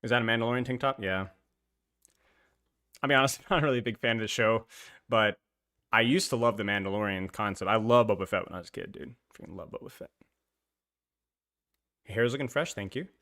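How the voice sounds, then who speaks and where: A man's voice: on the low side, fairly quick, pauses often, bright, forceful tone. A man streaming, chatting casually with viewers while gaming, laughing often and using lots of filler words. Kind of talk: casual live-stream chat.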